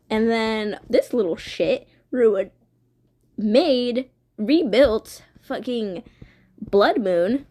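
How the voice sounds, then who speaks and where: A woman's voice: on the high side, dark tone, no room sound. A woman streamer casually retelling a story, rambling and swearing with lots of fillers.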